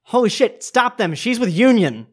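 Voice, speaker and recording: A woman's voice: low-pitched, animated, measured pace. A woman voicing Adrian, a suspicious and hostile woman who presses for answers. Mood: alarmed.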